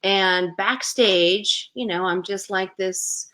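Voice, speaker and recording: A woman's voice: medium pitch, takes it slowly, fairly bright tone. A middle-aged woman, a guest in an interview, chatty, telling anecdotes and acting out the voices of people in them. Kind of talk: animated storytelling in an interview.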